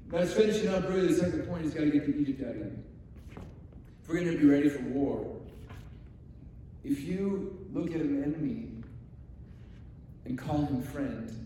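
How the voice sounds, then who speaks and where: A man with a fairly high voice preaches a sermon, telling stories animatedly and acting out the voices of the people in them. He is recorded from far off in an echoey hall, with slight background noise.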